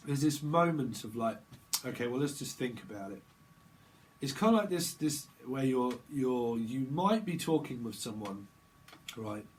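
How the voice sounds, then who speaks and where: A man talks through a tarot reading in a loose, joking stream of association. He repeats words in little sing-song runs and slips into acted bits of dialogue. His voice sits at a middle pitch, with a faint hiss under it. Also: expressive, a little slow. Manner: rambling, playful free association, acts out little dialogues. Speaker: tarot reader. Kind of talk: casual intuitive tarot reading.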